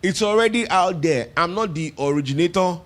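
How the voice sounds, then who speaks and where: A man's voice: high voice, expressive, brisk. A man with a Nigerian English accent preaching a sermon as pastor, talking conversationally, asking the congregation questions and repeating phrases for emphasis.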